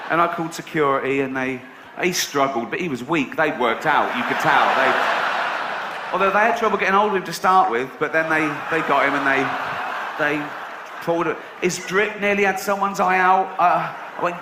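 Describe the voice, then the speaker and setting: A man performing a stand-up comedy routine to a live audience, with a sarcastic, deadpan delivery broken by loud outbursts. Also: on the high side, fairly quick. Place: large venue with audience. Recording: echoey live venue, audience noise. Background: audience laughter.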